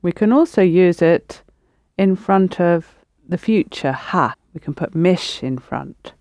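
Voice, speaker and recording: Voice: mid-range voice, expressive, slow pace, a little mellow, no room sound, studio quality. A teacher running a spoken Arabic lesson, patiently prompting students and explaining pronunciation.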